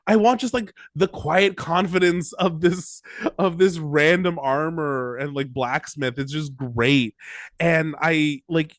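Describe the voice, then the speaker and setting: Man, podcast co-host, casual chat, excitable and rambling, higher voice, dry close sound. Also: slow, no room sound. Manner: rambling, excitable, many restarts.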